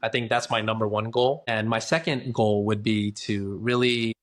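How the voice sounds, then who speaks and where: A lowish, fairly bright male voice with fairly even intonation moves at a moderate pace. The speaker is a dental hygienist being interviewed about his work, a talkative, easygoing guest who acts out quoted voices.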